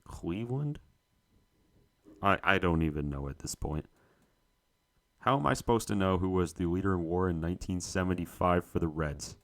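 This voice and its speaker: Low-voiced young man muttering through a quiz. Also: normal speed, long pauses. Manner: muttering, self-talking, searching for names. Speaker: co-host. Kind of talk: solo quiz play-through, thinking aloud.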